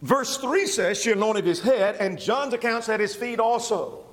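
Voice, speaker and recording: Man preaching, high voice, lively pitch swings, emphatic, long hall reverb. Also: normal speed. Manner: expository preaching, animated and emphatic. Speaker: pastor. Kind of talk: sermon.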